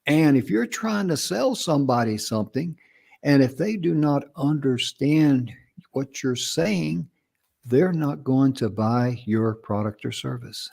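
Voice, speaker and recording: Slow, careful older man from North Carolina. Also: mid-range voice, lively intonation, gravelly, darkish tone. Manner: slow, deliberate, carefully pronounced speech. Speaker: co-host. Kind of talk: casual advice chat.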